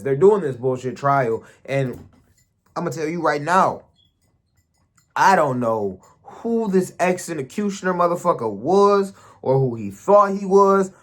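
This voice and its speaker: Slangy man recapping a show. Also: fairly high pitch. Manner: crude, slangy, rambling storytelling. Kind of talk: casual episode recap.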